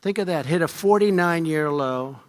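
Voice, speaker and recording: A man's voice: on the high side, normal speed. A man in his seventies giving an off-the-cuff campaign speech, boastful and emphatic, repeating his points over and over. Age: 70s. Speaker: politician. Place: large event hall. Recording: reverberant hall with faint crowd.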